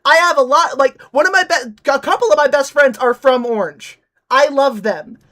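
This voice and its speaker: A young woman streamer from Nevada chats casually and rants, swearing freely as she mocks. Her voice sits high and carries a bright, sharp edge. She talks in a loose, joking stream style. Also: normal speed. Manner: profane, ranting, mocking.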